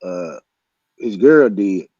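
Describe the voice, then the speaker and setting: Excitable man telling a rowdy story. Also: sits low, slow, husky, no room sound. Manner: loud, excitable, acts out voices and punches with sound effects. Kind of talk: animated storytelling. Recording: dull lo-fi sound.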